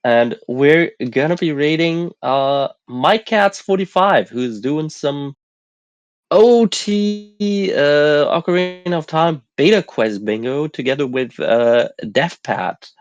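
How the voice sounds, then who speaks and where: A man hosting a casual stream chat while sick, relaxed and halting with many fillers. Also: fairly high pitch, no room sound, muffled recording. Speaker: host.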